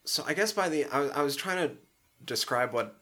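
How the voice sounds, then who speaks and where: A man co-hosting a casual podcast about superhero shows, easygoing and quick to laugh. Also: fairly high pitch, animated, pushed and bright. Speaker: podcast co-host.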